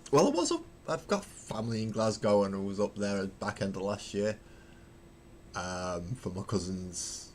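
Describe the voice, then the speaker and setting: A man's voice: fairly low pitch, flat delivery, normal speed, a little hiss or hum. A man from Manchester with a Mancunian accent, chatting casually on a miniature painting livestream, swearing freely and laughing at himself. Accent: Mancunian English. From Manchester, England. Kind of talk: casual live-stream chat. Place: home hobby room. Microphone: desk mic at a webcam stream.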